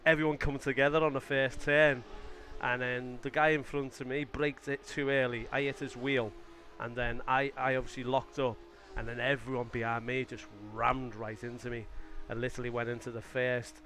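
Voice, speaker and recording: A man's voice: mid-range voice, level tone, moderate pace, hardly any pauses, a bit bright. A young Australian man chatting casually on a live stream about a sim race, rambling and cutting himself off mid-sentence. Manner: chatty, rambling, self-interrupting.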